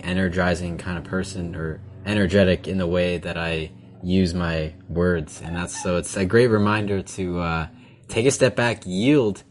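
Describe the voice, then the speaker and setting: A man's voice: sits low, a little hiss or hum. A male podcast host who speaks reflectively and with enthusiasm to his guest. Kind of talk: casual interview conversation.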